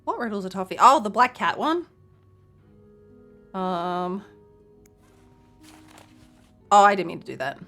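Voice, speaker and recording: A woman's voice: mid-range voice, very animated, slow, pauses often, a bit bright, soft background music. A woman streaming a game, chatting playfully, laughing often and reading in-game letters aloud. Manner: playful, giggly, reads letters aloud with joking asides. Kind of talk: casual game let's play.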